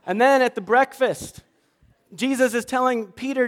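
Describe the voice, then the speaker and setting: Man, pastor, lively sermon storytelling, acts out voices, church hall reverb. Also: very high-pitched, moderate pace. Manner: animated storytelling, acting out quoted voices. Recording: long reverb of a large hall.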